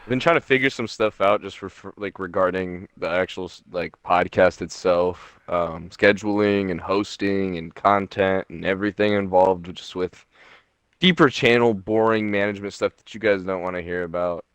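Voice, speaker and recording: A young man with a somewhat low voice chats on a home podcast. He rambles, swears freely and leans on fillers like "like" and "um". The sound is dry and close. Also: moderate pace, clean tone, no echo. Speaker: podcast co-host. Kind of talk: casual chat. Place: home room.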